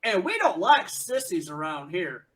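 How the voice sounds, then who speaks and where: A man's voice: sits high, very animated, a little slow, a bit bright, a little hiss or hum, exaggerated voice. A man voicing a swaggering, bullying outlaw gunslinger in a tabletop game, in a taunting, boastful drawl.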